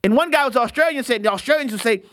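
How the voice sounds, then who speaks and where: A host delivering opinionated commentary at a middling pitch. The talk is animated and rambling, full of restarts and asides. Each point is driven home with conviction. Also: very fast. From United States. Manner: animated and digressive, with frequent restarts.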